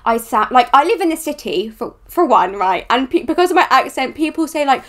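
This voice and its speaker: A woman's voice: sits high, very animated, fairly quick. A young woman from southwest England with a West Country accent, rambling chattily as a reaction video host. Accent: West Country English. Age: young adult. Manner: rambling, filler-heavy, chatty. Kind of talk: casual reaction chat.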